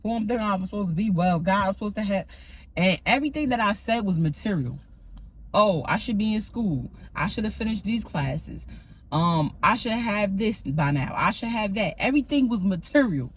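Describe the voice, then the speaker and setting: A woman's voice: mid-range voice, expressive, moderate pace, a little hiss or hum, poor audio. A woman giving a casual, emphatic faith talk to her viewers, often checking in with "right?" as she goes. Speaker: faith vlogger. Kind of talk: casual spiritual talk to camera.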